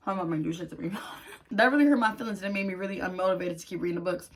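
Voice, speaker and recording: A woman creator reacts to online posts in a casual vlog. She reads the stories at a subdued, even level. Then she bursts in with blunt, heavily profane commentary. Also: rapid-fire. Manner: profane, blunt outbursts between calmer reading; reads posts aloud in a lower, quieter voice.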